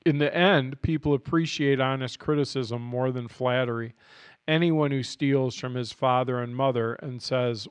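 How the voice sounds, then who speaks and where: A man reads scripture aloud for his podcast, earnest and unhurried, with a tickle in his throat and a voice on the verge of giving out. His tone is smooth and clean underneath the strain, at a middling pitch. The studio mic is close and the room sounds completely dry. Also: fairly even intonation, no echo. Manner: earnest, unhurried reading, apologetic asides. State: scratchy throat, voice going. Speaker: Bible reading podcast host. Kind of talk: scripture reading.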